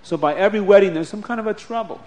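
Animated high-voiced male storyteller. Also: rapid-fire. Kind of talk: telling a religious story to children.

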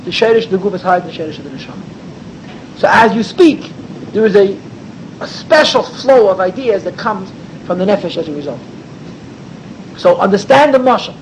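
A man with a high-pitched voice leads a Torah class in a lively lecturing style. He asks rhetorical questions and leans hard on key words. A faint vehicle rumble sits under the recording. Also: low-quality recording. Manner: animated, rhetorical questions, sweeping pitch for emphasis. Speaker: rabbi teaching a class.

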